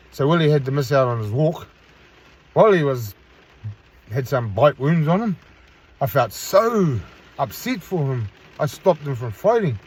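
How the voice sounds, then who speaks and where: A man's voice: on the high side, husky. A man vlogging from a parked car by a park, telling a rambling, blunt story in casual talk with frequent restarts.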